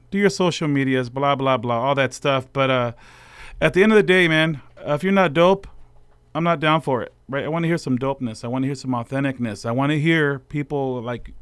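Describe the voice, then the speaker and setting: A man's voice: medium pitch, smooth, no echo. A man hosting a house music radio show, talking in a loose, rambling way full of slang and fillers. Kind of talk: casual radio show talk.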